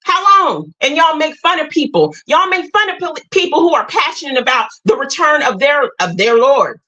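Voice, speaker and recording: High bright woman preaching emphatically. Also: sing-song, moderate pace, poor audio. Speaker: livestream host. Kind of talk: impassioned spiritual talk to viewers.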